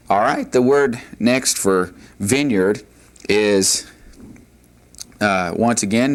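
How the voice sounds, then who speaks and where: A man teaching a recorded language lesson, patiently saying each vocabulary word twice, with frequent fillers. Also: on the low side. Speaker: Hebrew teacher.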